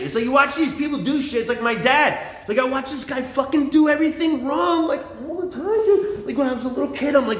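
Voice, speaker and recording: A man in his forties telling a rambling, profane comic monologue, swinging between low mumbles and shouted lines. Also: lively intonation, brisk, echoey room.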